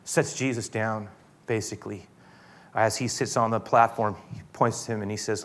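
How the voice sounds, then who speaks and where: A man preaching a sermon, retelling a story dramatically and swinging between loud and hushed speech. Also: lowish voice, steady tone, moderate pace. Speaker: pastor.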